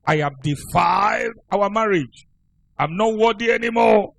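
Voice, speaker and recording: Man acting out a sobbing remorseful husband, pleading, high pitched, lifted voice. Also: a little slow, creaky, a bit bright, exaggerated voice. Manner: pleading, tearful. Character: remorseful middle-aged husband begging forgiveness.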